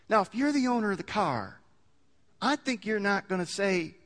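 With a high-pitched, fairly bright and animated voice at a moderate pace, a male pastor preaches in a conversational style. He frequently restarts his sentences, climbs to emphatic peaks, and the sound carries a long hall reverb.

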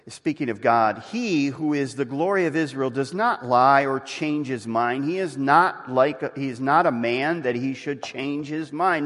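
Male pastor, lively and slightly high voice, animated sermon delivery, church hall reverb. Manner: animated preaching, voicing quoted speakers.

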